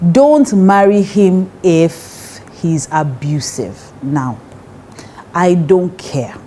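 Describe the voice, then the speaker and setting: Emphatic Nigerian woman with a low voice. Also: mellow, slight background noise. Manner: emphatic, acts out quoted voices, laughs often. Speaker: relationship advice speaker. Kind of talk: casual advice talk.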